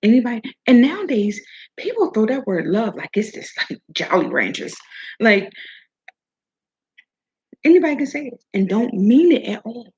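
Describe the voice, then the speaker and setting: A woman's voice: on the high side, big pitch swings, moderate pace, long pauses, a little mellow, slightly rough, highs cut off. A woman talking casually and preachily about self-worth and love, swearing now and then, with food in her mouth. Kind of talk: casual motivational talk.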